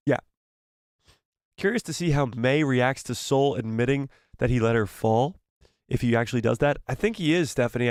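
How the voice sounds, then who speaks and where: An excitable man hosts a live stream, chatting with viewers and reading their messages aloud, his voice worn and hoarse from talking. He sits at a mid pitch, and the sound is close and dry with no room around it. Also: no echo. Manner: excitable, frequent exclamations and quick laughs. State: losing his voice, throat-clearing. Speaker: livestream host.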